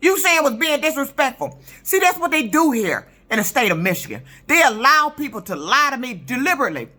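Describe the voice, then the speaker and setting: A woman's voice: high voice, very animated, fairly quick, pushed and bright. A woman in her fifties, a truck driver, telling a story in an indignant, profane, emphatic rant for her vlog. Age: 50s.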